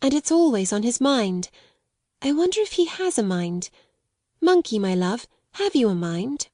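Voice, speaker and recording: A woman doing a high, bright-voiced young girl in a storybook, earnest and courteous, tender and eager, lifting her voice well above the narrator's, recorded dry and close with no room sound. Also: big pitch swings, measured pace, dry recording. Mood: musing. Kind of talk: audiobook character reading.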